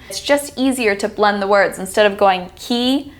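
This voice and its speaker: An American woman teaching an accent class, explaining word linking and carefully repeating example phrases. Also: on the high side. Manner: slow, careful over-articulation of example words. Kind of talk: scripted instructional explanation.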